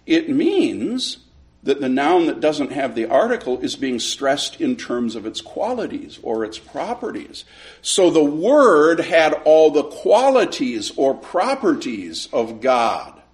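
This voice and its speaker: Man, Sunday school teacher, lively swooping pitch, slightly high voice, animated storytelling, repeats words. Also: takes it slowly. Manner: animated, repeats words when starting sentences. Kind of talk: storytelling Bible lesson.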